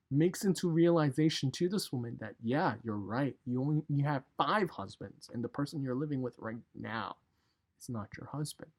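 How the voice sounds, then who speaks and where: A man with a husky, slightly breathy voice leads a casual youth devotional. He tells the story in an animated way and keeps turning to speak directly to his listeners. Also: on the high side. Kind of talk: casual recorded devotional talk.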